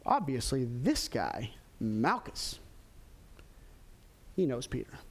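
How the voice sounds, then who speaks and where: A pastor preaching a sermon, animated, acting out quoted lines with sudden jumps in pitch. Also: male voice, takes it slowly. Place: church in Texas.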